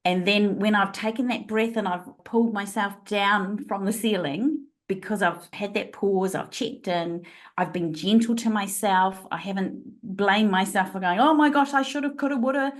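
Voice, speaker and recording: A woman guest on a podcast interview speaks over a remote call at a middle pitch. She tells her stories expressively and laughs often as she explains. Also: measured pace. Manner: expressive storytelling with frequent laughs. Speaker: guest, leadership trainer.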